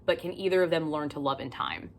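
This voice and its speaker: A woman chatting casually in a book haul vlog, gushing and excitable, swearing freely and swinging between loud squeals and whispers. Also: sits low, quick pace, slight background noise. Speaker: book vlogger.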